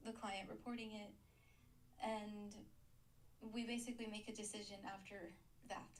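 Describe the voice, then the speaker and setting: A woman's voice: medium pitch, level tone, normal speed, low-quality recording. A woman trainee practicing customer service calls, polite and a little hesitant.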